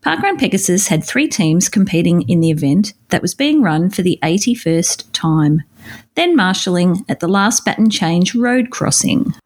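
A woman's voice: on the low side, animated, normal speed, a little mellow. A woman co-hosting a podcast, reading out listener messages with playful, teasing remarks. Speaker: podcast co-host.

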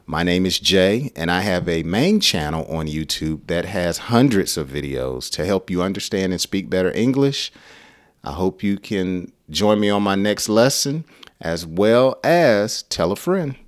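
Slow, deep-voiced American man teaching. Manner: slow, friendly explaining, acting out short exchanges. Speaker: English teacher. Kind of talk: casual English lesson with acted dialogues.

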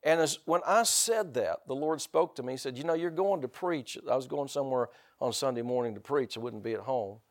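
A middle-aged male pastor preaching a conversational sermon, often repeating words, asking the congregation rhetorical questions and breaking into loud bursts. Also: mid-range voice, fairly quick, few pauses.

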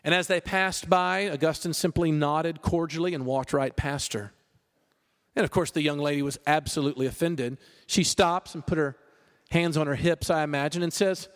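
A man preaching a sermon as pastor, conversational and animated, with jokes. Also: fairly high pitch, fairly quick, long reverb tail.

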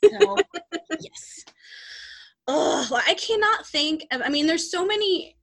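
A woman's voice: very high-pitched, animated, slow pace, vocal fry, soft background music. A woman hosting a podcast, chatting casually about her life and her readings in a rambling way with many restarts. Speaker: podcast host and psychic reader.

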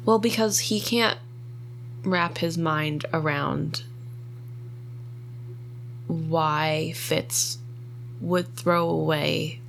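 A woman's voice: deep voice, fairly even intonation, very slow, vocal fry, long pauses, slight background noise. A woman co-hosting a casual book discussion, chatty and emotional, with frequent likes and ums. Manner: chatty, filler-heavy, emotional. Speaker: podcast co-host.

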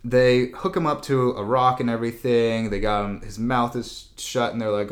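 A man co-hosting a casual chat, recapping a movie plot with sarcasm, laughs and quick silly voices for the characters. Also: mid-range voice, level tone. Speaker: podcast co-host.

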